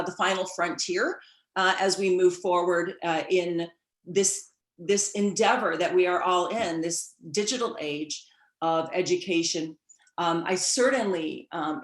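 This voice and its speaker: Earnest woman speaking in an echoey room. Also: lowish voice. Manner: earnest, with frequent fillers. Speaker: education leader giving a talk. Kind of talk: online conference speech. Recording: roomy echo.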